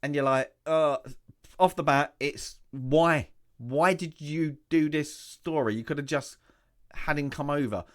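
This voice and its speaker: A man's voice: on the high side, a little slow. A man hosting a casual review, rambling and chatty, full of rhetorical questions and asides, his voice still recovering from loss. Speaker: host.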